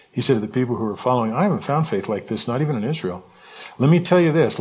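A man leading a Bible study, reading scripture aloud in a lively way and stopping to comment on it. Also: mid-range voice, breathy edge, rough recording. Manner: animated reading, voices the quotes with asides.

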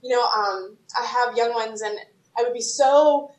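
A somewhat high-voiced woman author reads her own reflective prose and then talks openly about her faith. She sounds earnest and thoughtful, and she grows animated as she shares. The room around her is noticeably echoey. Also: a little slow. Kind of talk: reading her own writing, then casual faith sharing.

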